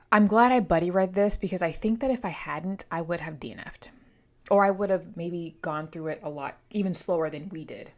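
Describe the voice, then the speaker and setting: On her vlog, a woman with a low voice gives a casual, chatty book review, rambling with playful asides while congested from allergies.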